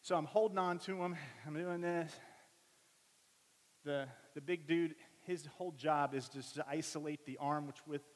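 A man in his thirties preaching a sermon, telling family stories in an animated way and acting out everyone's voices. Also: on the high side, normal speed. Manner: animated storytelling, acts out voices of family members. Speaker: pastor. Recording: long reverb of a large hall.

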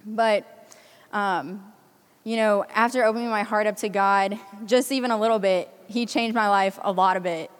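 Eighteen-year-old woman, earnest chatty testimony at a youth event, smooth clear voice, hall reverb. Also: mid-range voice, steady tone, moderate pace, soft background music. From Kansas City area, US Midwest. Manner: earnest, frequent ums, chatty storytelling. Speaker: youth conference speaker giving testimony. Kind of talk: personal faith testimony to a crowd.

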